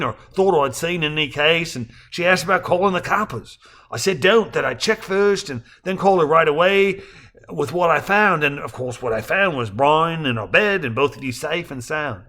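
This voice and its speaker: A man reading a novel aloud, voicing a rattled, anxious husband in a low, hushed, weary voice. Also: animated, normal speed, exaggerated voice.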